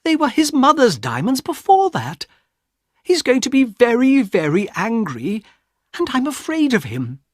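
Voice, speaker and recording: Storybook figure: a man putting on a frightened young woman, high-pitched, pleading, unhurried. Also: huge pitch swings, no room sound, clean studio sound, full character voice.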